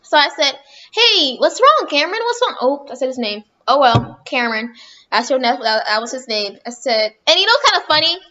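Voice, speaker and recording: A woman's voice: high voice, lively intonation, brisk, pushed and bright, highs cut off. A woman telling a rambling storytime on her vlog, chatting casually and often correcting herself. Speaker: vlogger.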